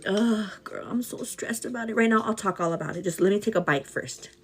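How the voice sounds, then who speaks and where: A woman chatting casually with her livestream viewers over breakfast at home, animated and calling them "girl". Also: mid-range voice, fairly quick, slight background noise. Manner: greets viewers by name mid-story. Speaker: livestream host. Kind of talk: casual chat while eating breakfast.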